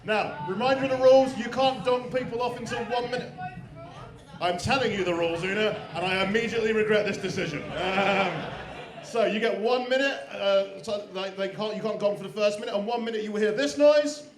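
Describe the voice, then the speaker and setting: Man compering a comedy club, very high voice, crude teasing banter, echoey room, loud crowd. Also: fairly quick. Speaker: comedy show host. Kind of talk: live stand-up compering. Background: audience laughter and cheers.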